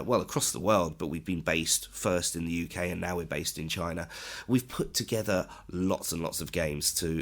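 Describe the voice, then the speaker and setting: Brief: male corporate trainer, low voice, animated delivery, guides a remote class through exercises. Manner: animated, instructive, pitch jumps up for emphasis. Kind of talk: online training lecture with demonstration.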